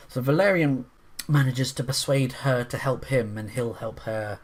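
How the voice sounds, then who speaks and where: A man reviewing a film in a casual, rambling monologue, restarting his sentences often and getting excited about the scenes he describes. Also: medium pitch. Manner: rambling, with frequent restarts and fillers; enthusiastic, breaks into quick voices.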